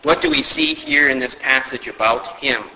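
A man preaching a sermon, often asking rhetorical questions and rising sharply in pitch for emphasis. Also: wildly swooping pitch, moderate pace, vocal fry, sharp tone, in a large hall, a little hiss or hum, low-quality recording. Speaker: pastor.

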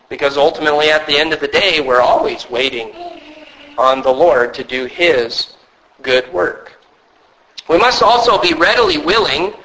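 Male pastor, sermon delivery, earnest and measured, slightly raised pitch. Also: sharp tone, low-quality recording. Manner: earnest, measured preaching with storytelling asides.

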